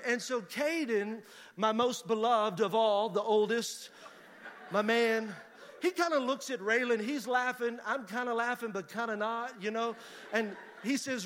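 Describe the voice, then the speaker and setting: A middle-aged man, a pastor telling a story in a sermon and building to loud preaching. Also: extremely high pitch, moderate pace, a little hiss or hum. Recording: reverberant hall.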